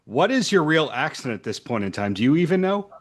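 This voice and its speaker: A man's voice: fairly high pitch, sing-song, fairly quick. A man hosting a podcast, asking his guests friendly conversational questions over a video call. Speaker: podcast host. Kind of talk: interview questions. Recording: remote video call audio.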